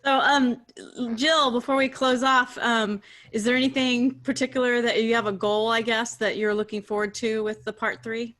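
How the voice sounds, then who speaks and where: A woman hosting a casual spiritual chat, speaking in a warm, affirming way with frequent fillers. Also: on the high side, flat delivery, moderate pace. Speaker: host.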